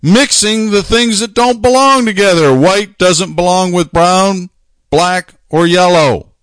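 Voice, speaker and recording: A man preaching a sermon, talking emphatically, repeating phrases and slowing down to stress his points. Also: high-pitched, fairly bright tone, clean tone, dry recording, clean studio sound.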